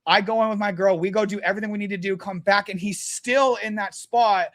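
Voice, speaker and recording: A young man talks in a casual podcast chat, his voice sitting high for a man. He tells his stories bluntly and swears freely. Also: steady tone, fairly quick, a bit bright. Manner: blunt, profane storytelling. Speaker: guest.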